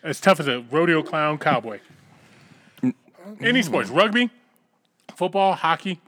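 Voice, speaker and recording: A man's voice: fairly high pitch, very animated, measured pace, fairly bright tone. A middle-aged man hosting a comedy podcast, telling a long joke in a profane, rambling way, stumbling and restarting as he goes. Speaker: podcast host. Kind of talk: casual comedy podcast chat.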